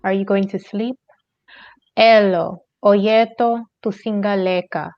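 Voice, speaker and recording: A woman reading practice sentences aloud in an online language class, slow and careful. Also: mid-range voice, fairly even intonation, no room sound, highs cut off. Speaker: student.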